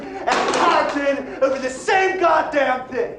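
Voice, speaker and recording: A man's voice: medium pitch, fairly even intonation, normal speed, natural voice. A man playing a ranting self-styled vampire. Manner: shouting, exasperated ranting. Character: unhinged man who believes he is a vampire, ranting. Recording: film audio clip with echo, crowd and noise.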